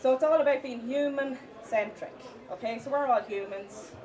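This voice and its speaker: A woman giving a live conference talk, with many fillers and restarts, stressing the points of a list slowly. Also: high-pitched, a little mellow. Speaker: conference speaker. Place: conference hall with audience. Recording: distant mic, audience in hall.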